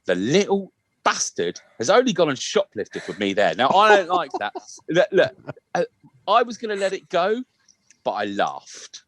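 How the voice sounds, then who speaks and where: Male podcast co-host in his thirties, lively swooping pitch, dry close sound, sweary storyteller. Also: normal speed, no room sound. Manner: animated, swearing, laughs through his own story. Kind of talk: casual storytelling chat.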